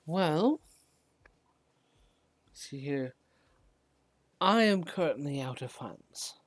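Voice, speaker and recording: A woman playing a character in a tabletop game, speaking deliberately. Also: sits low, expressive, dry recording. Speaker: player. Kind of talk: tabletop role-play.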